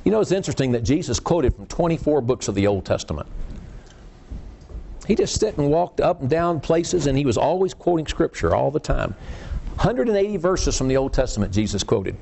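A man's voice: a little high, very animated, brisk, gravelly, mellow, a little hiss or hum. A male preacher delivering a sermon in an emphatic, folksy, self-deprecating way. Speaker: preacher teaching a class.

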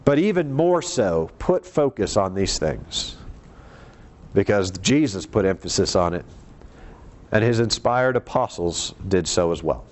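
A man preaching a sermon in a church, earnest and emphatic, climbing into urgent appeals and settling low at the ends of phrases. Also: very animated, measured pace.

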